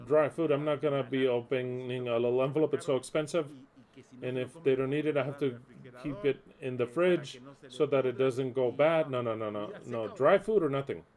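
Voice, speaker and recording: A man preaching in an informal way, telling a story in an animated, candid style with coarse words and frequent restarts. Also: medium pitch.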